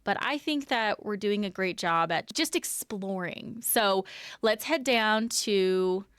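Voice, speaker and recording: A woman's voice: mid-range voice, slow, fairly bright tone, clear, resonant tone, dry recording, studio quality. A woman streamer guiding viewers on a game lore tour, chatty and self-deprecating. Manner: chatty, self-deprecating, laughs at own mispronunciations. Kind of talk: casual live-stream narration.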